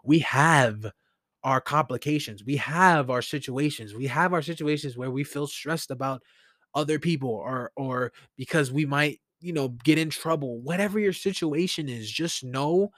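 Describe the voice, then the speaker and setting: A man hosting a podcast, speaking in a casual motivational monologue straight to the listener and slowing down to stress key phrases. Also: a little high, fairly bright tone, no echo, studio quality. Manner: conversational, talks straight to the listener. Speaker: podcast host.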